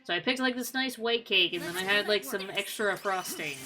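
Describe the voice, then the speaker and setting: A woman's voice: mid-range voice, a little fast. A woman streamer chatting casually while gaming, rambling with many likes and ums. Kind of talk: casual gameplay chat.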